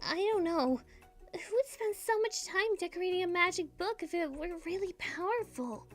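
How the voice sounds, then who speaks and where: A woman voicing an anxious, excitable young school friend in a high, fretful way. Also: normal speed. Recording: faint music behind.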